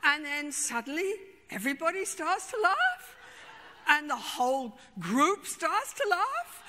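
A woman therapist telling an emphatic, expressive story to a conference audience, with frequent asides to the listeners. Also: high voice, a little slow, noisy background. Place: large conference hall. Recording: long reverb in a large hall.

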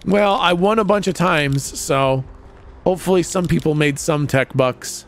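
A man streaming a game live, chatting casually to his chat, excitable and profane and laughing often. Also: sits high, normal speed, faint music behind. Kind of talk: casual livestream commentary.

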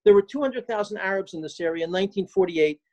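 A man's voice: high-pitched, expressive, quick pace, a little mellow, lo-fi sound. An older man, a guest on a video call, speaking emphatically and indignantly with frequent filler sounds. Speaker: guest, advocacy group president. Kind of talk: impassioned Zoom discussion.

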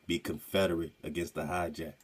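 A man's voice: sits low, flat delivery, brisk, husky. A man hosting a radio show, breaking in with emphatic rhetorical questions and commentary. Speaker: radio host. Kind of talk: commentary over a played clip.

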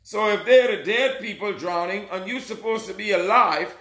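Male preacher with a high, sharp voice, urgent and scolding, shouting his sermon in an echoey room. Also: moderate pace. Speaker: self-proclaimed messiah preacher. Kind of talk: fiery street-style sermon. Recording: roomy echo.

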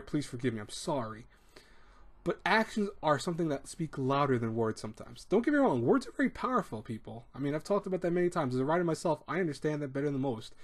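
A man hosting an advice talk, speaking casually and rambling, with restarts and little acted-out quotes. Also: mid-range voice. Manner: rambling, repeats words, acts out quoted speech. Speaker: advice show host.

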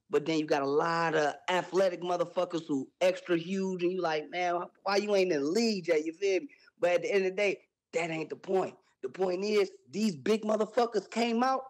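A young man telling a wild story on a podcast, loud and animated, with sound effects and profane slang. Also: high-pitched, rough recording.

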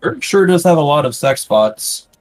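A man's voice: a little high, lively intonation, normal speed, rough recording. A man playing along on a live-stream, making laid-back, offhand comments in casual gaming chat. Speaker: co-player on stream.

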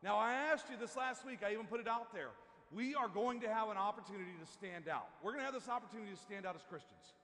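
High-voiced pastor preaching with church reverb. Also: male voice, fairly bright tone. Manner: casual, halting, with many restarts and asides. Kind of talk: sermon. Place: church sanctuary.

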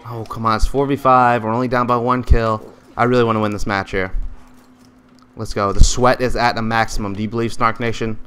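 A young man giving excitable gameplay commentary, trash-talking teammates and swinging between loud outbursts and mutters. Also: medium pitch, a little fast, slight background noise. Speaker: gaming YouTuber.

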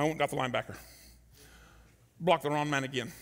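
A middle-aged man preaching a sermon, telling a story and acting out the shouted quotes. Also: a little high, fast, in a large hall. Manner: animated, acts out shouted quotes. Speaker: pastor. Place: large church hall.

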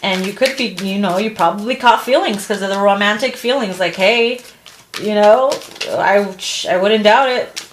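A woman's voice: mid-range voice, moderate pace, a little hiss or hum. Crude, laughing woman reading tarot. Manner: blunt and crude, laughs often, acts out quotes. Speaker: tarot reader.

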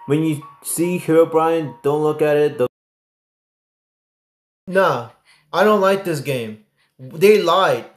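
A young man commentating a horror game as he plays, excitable and prone to sudden yelps and swearing. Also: fairly high pitch, slow pace, long pauses, roomy sound, faint music behind. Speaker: gaming streamer. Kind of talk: gameplay commentary.

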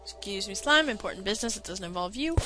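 With faint game music underneath, a woman gives casual let's play commentary, talking to herself and teasingly telling off enemies. She talks fast, with a medium-pitched, animated voice.

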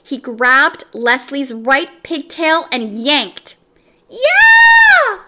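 A woman reading a children's book aloud, slow and expressive. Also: fairly high pitch, heavy background noise. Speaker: storyteller.

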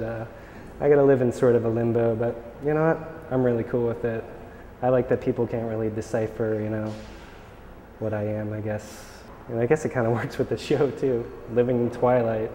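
Mellow-voiced American man in a roomy space. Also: medium pitch, fairly quick, slight background noise. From United States. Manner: relaxed and candid, with filler words and light laughs. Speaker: artist. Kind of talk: casual monologue to camera. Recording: roomy reverberant space with faint ambience.

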